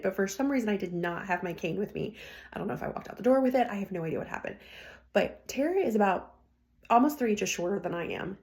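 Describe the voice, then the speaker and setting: A woman's voice: medium pitch, a little mellow. A woman hosting a podcast, telling stories in a chatty way, laughing often and acting out what people said. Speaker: podcast host. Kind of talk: casual storytelling.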